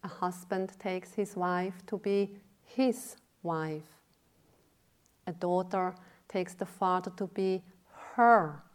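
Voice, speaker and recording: A woman meditation teacher giving a dharma talk, telling a teaching story in a deliberate way. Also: lowish voice, flat delivery, clean tone.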